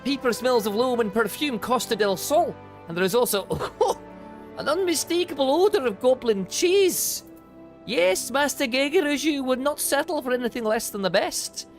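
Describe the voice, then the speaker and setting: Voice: sits high, animated, normal speed, faint music behind, voice pushed up. A streamer voicing a small, blind, retired mercenary turned wine merchant, with a put-on Scottish accent and a raised, theatrical delivery. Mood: shrewd. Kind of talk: reading game dialogue aloud.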